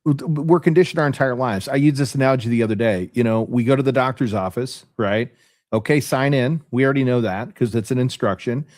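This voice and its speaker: A man's voice: medium pitch, a little fast, darkish tone, dry recording. Man hosting, dry close sound. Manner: affirming, sums up the guest's points with analogies. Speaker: podcast host. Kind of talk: conversational interview.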